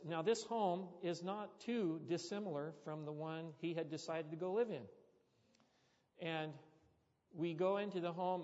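A male pastor preaching a sermon, telling a story with animated, sudden loud bursts, recorded muffled in an echoey church hall. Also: fairly high pitch.

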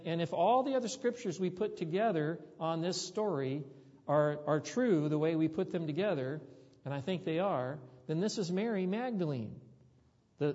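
A man's voice: fairly high pitch, a little mellow, slightly rough, highs cut off. Man preaching in a reverberant hall. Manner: storytelling, conversational, rising to emphatic peaks. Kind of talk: sermon.

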